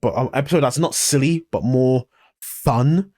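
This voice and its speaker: A man's voice: mid-range voice, moderate pace, darkish tone, no room sound. A man co-hosting a podcast in casual review chat, blunt and swearing, often acting out imagined scenes. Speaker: podcast co-host.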